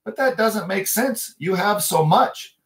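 A man's voice: sits high, expressive, unhurried, a bit bright, voice pushed up. A man doing an earnest, pleading young boy. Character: eager young boy, worried about his family. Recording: echoey room.

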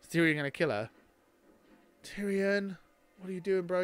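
A man doing live reaction commentary, talking back at the screen and swinging between low mutters and excited shouts. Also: moderate pace. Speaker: reaction video host.

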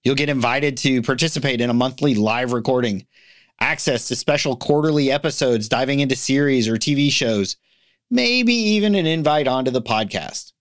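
A man's voice: mid-range voice, lively intonation, normal speed, no echo, studio quality. A man hosting a podcast in a casual, chatty way, laughing easily and often restarting his sentences. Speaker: podcast host.

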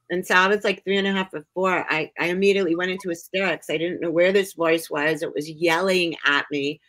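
A woman from upstate New York telling personal stories as a guest in a casual chat, animated and acting out the voices she quotes. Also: on the low side, a little fast, hardly any pauses, poor audio. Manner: animated, acts out quoted voices, laughs often.

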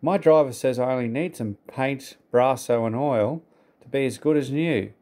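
Brief: a wistful, humble old traction engine read by a man, mellow and low-key, storybook. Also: moderate pace, natural voice. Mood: sad. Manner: wistful, gentle, simple. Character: sad, proud old male traction engine.

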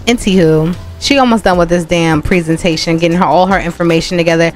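Faint game music plays under the commentary of a woman with a low, steady voice who talks quickly as she works through a life-sim game. Hosting a gaming channel, she chats away, swears freely and calls her viewers "y'all."

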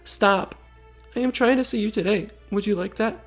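A man's voice: high-pitched, normal speed, soft background music, pitched above the performer's own voice. A man voicing a needy, pushy adult male creep in a whiny, pleading, mocking way.

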